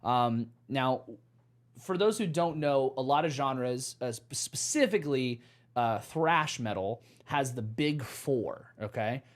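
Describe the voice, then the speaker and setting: A man hosting a casual music podcast chat, animated, laughing and swearing often. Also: medium pitch, slow pace. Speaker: podcast host.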